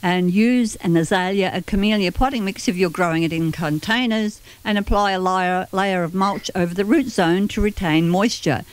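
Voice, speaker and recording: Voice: medium pitch, normal speed, few pauses, clean tone. Chatty gardening show host. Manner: chatty, explanatory, with occasional light laughter. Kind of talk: gardening advice talk.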